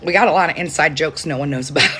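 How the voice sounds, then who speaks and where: Chatty lady on a phone live stream, bright voice, laughs a lot. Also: low-pitched, slightly rough. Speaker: TikTok live host. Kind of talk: casual live-stream chat. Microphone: phone camera.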